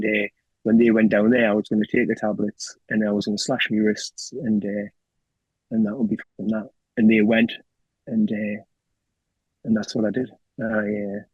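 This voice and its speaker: An emotional, raw account of his own life comes from a middle-aged interview guest with a North East England (Geordie) accent, who swears plenty and keeps asking "do you know what I mean." His lowish voice is gravelly and slightly rough, and the recording sounds dry and muffled.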